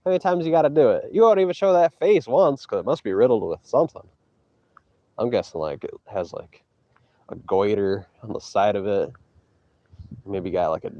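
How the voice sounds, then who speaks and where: A man streaming from an outdoor hike, trash-talking his chat in a boastful, mocking way with loud teasing outbursts. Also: on the low side, dull audio. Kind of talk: casual trash talk to chat while hiking.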